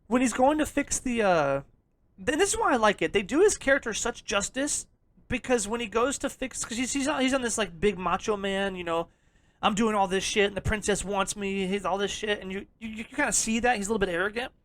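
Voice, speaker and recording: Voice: mid-range voice, animated, brisk. A podcast co-host in loose, casual conversation, rambling and swearing freely and laughing often. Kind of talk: casual chat.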